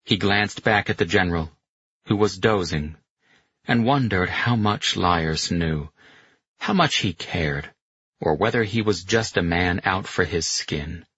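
A man with a very deep, husky voice reads a novel aloud in a steady storytelling manner. His tone is bright and forceful, and the recording is dry and a little muffled. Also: unhurried, no echo. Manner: steady storytelling, voicing characters in dialogue. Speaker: audiobook narrator. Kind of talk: scripted narration.

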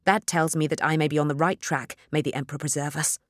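A tense, proud navigator who trusts no one, voiced by a woman. She speaks clipped and sharp, a little low in pitch. The sound is dry and close. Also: steady tone, quick pace, no room sound, lightly acted.

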